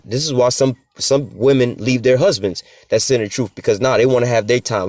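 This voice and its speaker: A man in his middle pitch who preaches at a quick clip, reading scripture and then breaking it down in loose street talk. He is blunt, swears in passing, and keeps tagging his points with "man" and "whatever, whatnot." His voice sounds dry and close, with no room around it. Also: steady tone, a little mellow, dry recording. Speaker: preacher of a religious group. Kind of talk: informal scripture teaching.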